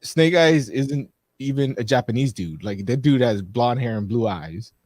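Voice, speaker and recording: A man's voice: mid-range voice, animated, moderate pace, a little mellow, no room sound. A man co-hosting a live talk show, rambling casually through frank movie opinions with many restarts. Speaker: podcast co-host.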